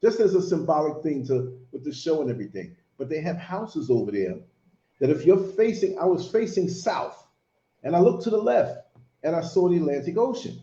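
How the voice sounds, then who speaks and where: Host, 50s man, lively storyteller with swooping pitch, roomy tinny audio. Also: moderate pace. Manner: animated storyteller, big bursts of laughter. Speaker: podcast host. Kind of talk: casual chat. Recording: lo-fi echoey call audio.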